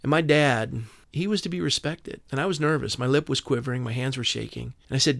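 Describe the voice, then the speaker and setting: A man's voice: mid-range voice, a little fast, gravelly, fairly bright tone, no room sound. A man from Southern California, a podcast guest telling a personal testimony in earnest detail, acting out the dialogue. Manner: earnest storyteller, quotes dialogue.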